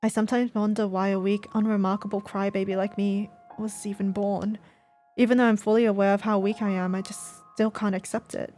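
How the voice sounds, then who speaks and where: A woman's voice: medium pitch, level tone, a little fast, mellow, soft background music, natural voice. Woman reading as a despairing, self-hating teenage boy. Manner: despairing, hopeless self-loathing. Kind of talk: voiced visual novel reading.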